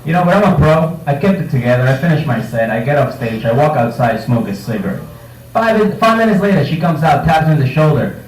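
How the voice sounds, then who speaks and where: A man's voice: fairly high pitch, animated, a little fast. Stand-up comic: a crude, joking man doing a set in an echoey bar and picked up from a distance. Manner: crude, joking, acts out voices. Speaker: stand-up comedian. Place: comedy night in a bar. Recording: roomy bar room, mic heard from a distance, faint noise.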